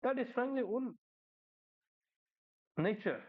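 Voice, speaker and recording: Indian-accented man hosting a reaction video, halting chatty delivery, thin phone-line sound. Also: extremely high pitch, lively intonation. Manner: hesitant, full of fillers and tag questions. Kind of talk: casual reaction commentary.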